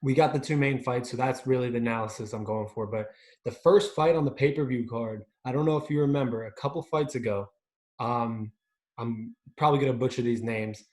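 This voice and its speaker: A man co-hosting a podcast, breaking down fights in a relaxed chat with lots of "right?" tag questions and fillers. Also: mid-range voice, fairly quick, echoey room. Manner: chatty, leans on tag questions, hesitant with fillers. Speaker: podcast co-host. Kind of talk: casual sports chat.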